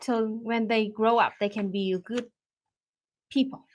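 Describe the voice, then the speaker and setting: Brief: woman youtuber, Vietnamese accent, slow, chatty and hesitant, a bit high. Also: fairly even intonation, a little hiss or hum. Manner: hesitant, chatty, many restarts and fillers. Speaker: youtuber retelling a comic. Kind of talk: casual storytelling.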